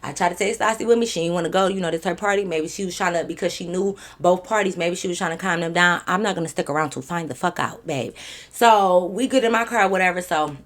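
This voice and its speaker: A young woman talks at a quick pace in a fairly low voice, telling a story for her vlog. The delivery is animated and loose, heavy on swearing and filler words.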